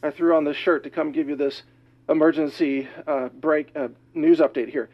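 A man's voice: on the high side, fairly even intonation, lo-fi sound. Breathless, alarmed male news ranter. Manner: rapid, alarmed, emphatic delivery. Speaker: news commentator. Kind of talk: urgent news monologue.

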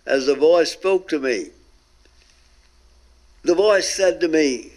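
A man's voice: a little high, slow pace, long pauses, a little mellow. A man earnestly tells his testimony as a guest, stretching out emphatic phrases. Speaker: guest telling a near-death experience. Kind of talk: recorded testimony talk.

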